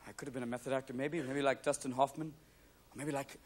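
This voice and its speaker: A man in his thirties performing a stand-up comedy set on a theater stage, animated and quick to slip into mock voices. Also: mid-range voice. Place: theater stage before a live audience.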